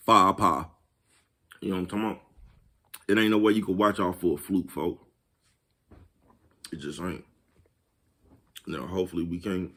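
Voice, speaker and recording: Laid-back deep-voiced man monologuing. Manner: laid-back, repetitive, laughs at his own jokes. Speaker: vlogger. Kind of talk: casual monologue to camera.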